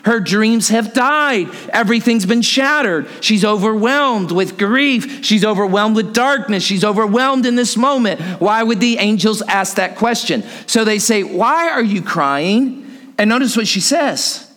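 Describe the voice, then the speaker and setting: Male preacher, high voice, dramatic sermon delivery with rhetorical questions and hushed low drops. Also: normal speed, hardly any pauses. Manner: dramatic, drops low and soft for emphasis, repeats phrases; asks the listeners rhetorical questions.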